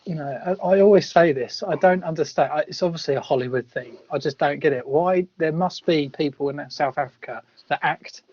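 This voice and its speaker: A man's voice: on the high side, brisk, hardly any pauses, darkish tone, husky. A man co-hosting a podcast, chatting casually about a film and laughing often. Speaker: podcast co-host. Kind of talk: casual film review chat. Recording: dry, muffled podcast audio.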